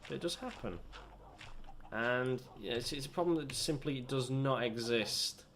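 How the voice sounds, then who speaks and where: A man's voice: medium pitch, unhurried, fairly bright tone, slight background noise. A young British man chatting and rambling in a self-deprecating way while commentating his own gameplay. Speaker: gaming channel host. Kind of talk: let's play commentary.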